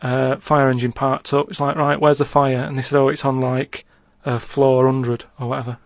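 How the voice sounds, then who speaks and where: A man's voice: mid-range voice, flat delivery, moderate pace, no room sound. Rambling man telling a story, dry studio. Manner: rambling, full of "right?" and "and that". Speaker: podcast regular telling a news story. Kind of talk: casual storytelling chat.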